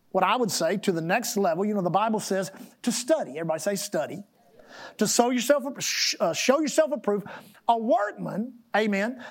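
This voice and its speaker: In a fairly high voice, a woman gives a sermon, reading scripture at a slow, emphatic pace and prompting the congregation to repeat after her. She coughs and clears her throat from time to time.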